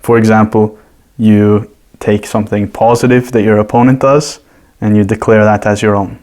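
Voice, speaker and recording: A man's voice: lowish voice, steady tone, moderate pace, a little mellow. A man as a guest on a podcast, explaining his ideas casually and at length with examples. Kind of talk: casual conversational interview.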